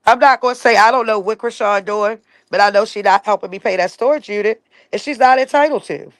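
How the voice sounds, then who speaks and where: Blunt gravelly woman ranting on a live stream. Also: mid-range voice, fairly quick, dry recording. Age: adult with children. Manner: blunt and emphatic, keeps punctuating with "facts" and "period". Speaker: livestreamer talking to viewers. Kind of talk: casual live stream rant.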